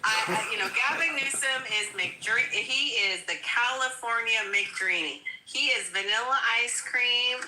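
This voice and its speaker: A woman's voice: a little high, measured pace, hardly any pauses, bright, forceful tone, roomy sound, poor audio. A woman guest in a casual political chat, talking emphatically with laughs and repeated "listen"s. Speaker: guest commentator.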